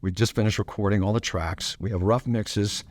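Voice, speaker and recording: An older man, a musician guest in an interview, telling stories in an easygoing, rambling way. He pauses and restarts often. His voice sits fairly low and sounds dry and close. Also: steady tone, a little mellow, no room sound. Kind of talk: relaxed interview storytelling.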